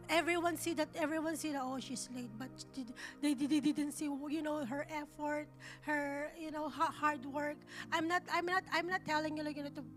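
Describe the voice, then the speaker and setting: Woman minister, very high and bright tone, halting heartfelt sermon delivery. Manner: halting, repeats and restarts words; earnest, emotional. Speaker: church minister. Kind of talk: testimony sermon.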